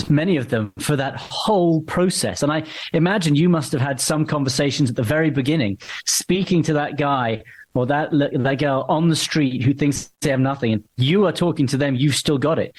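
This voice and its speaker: A man hosting a podcast interview, asking thoughtful, supportive questions. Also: on the high side. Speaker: podcast host.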